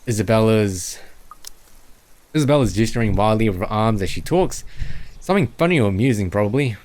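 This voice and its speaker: A man's voice: lowish voice, expressive, fairly quick, darkish tone. A young man from New Zealand with a Kiwi accent tinged with Chinese, reading a visual novel aloud on stream and stumbling over words as he goes. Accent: New Zealand mixed with Chinese.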